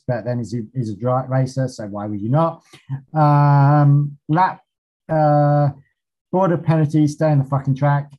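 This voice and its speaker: A man's voice: medium pitch, mellow, lo-fi sound. A man co-hosting a podcast, recapping a race in clipped notes with frequent ums and casual swearing. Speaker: podcast co-host.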